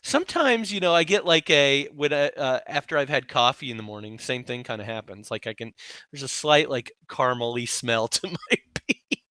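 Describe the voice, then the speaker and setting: A man's voice: mid-range voice, lively intonation, moderate pace, sharp tone, no room sound, clean studio sound. A man co-hosting a casual podcast, joking around and laughing easily. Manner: jokey, easy laughter. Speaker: podcast co-host. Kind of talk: casual chat.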